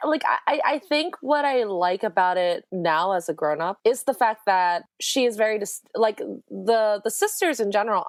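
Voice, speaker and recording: A woman's voice: mid-range voice, dry recording, clean studio sound. A woman guest on a podcast, chatting casually and enthusiastically, rambling and often laughing. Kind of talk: casual chat.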